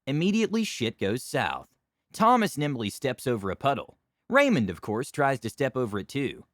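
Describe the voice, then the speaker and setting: A man narrating a tabletop game story with wry, deadpan humor. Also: medium pitch, normal speed, no room sound, clean studio sound.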